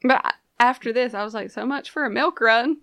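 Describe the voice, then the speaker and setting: A woman's voice: a little high, normal speed. Laid-back woman with dry asides. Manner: relaxed, dry asides, casual slang. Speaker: podcast co-host. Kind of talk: casual chat recapping a TV episode.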